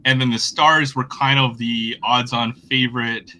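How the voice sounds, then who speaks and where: A man's voice: mid-range voice, fairly even intonation, unhurried, sharp tone, a little hiss or hum, rough recording. A man hosting a casual sports livestream, rambling with fillers and restarts. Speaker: host.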